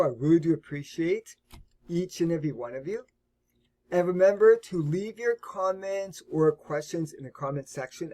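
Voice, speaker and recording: A man teaching English grammar in a lesson video, explaining slowly and carefully and repeating key words. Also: on the high side, mellow.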